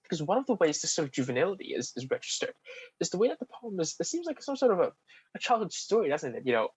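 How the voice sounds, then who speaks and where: A man's voice: fairly high pitch, animated, fast talker, husky, rough recording. A young man tutoring, walking through an exam answer and thinking aloud with many "sort of"s and restarts. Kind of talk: explanatory exam walkthrough.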